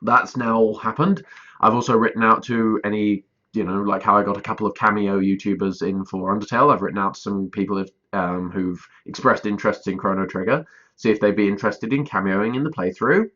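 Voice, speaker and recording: A man's voice: lowish voice, fairly even intonation, fairly quick, sharp tone, lo-fi sound. A man casually rambling through a vlog update, self-deprecating and often stalling mid-sentence as he calls for voice auditions. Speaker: YouTuber directing a voiced let's play.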